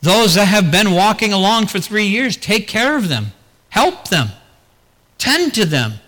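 A man's voice: high-pitched, sing-song, a little slow, sharp tone, long reverb tail. A man preaching a sermon as pastor, talking earnestly and putting rhetorical questions to the congregation.

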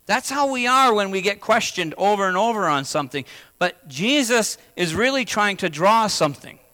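Bright-voiced male pastor in a reverberant hall. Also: high voice, expressive, moderate pace. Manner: conversational, asks the congregation questions. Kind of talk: sermon.

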